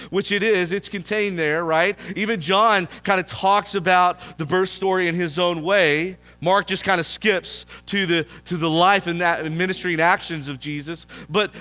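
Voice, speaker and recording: Male pastor, high bright voice, storytelling sermon in a church, casual and conversational. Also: clear, resonant tone. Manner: storytelling, asking the congregation questions.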